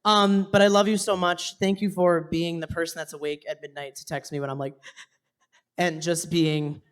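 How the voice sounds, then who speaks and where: A man's voice: fairly high pitch, flat delivery, normal speed, clear, resonant tone. A young man on a theater stage giving a heartfelt thank-you speech to a live audience, his voice sometimes dropping to a whisper and breaking into laughs. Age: young adult. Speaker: stage performer thanking family.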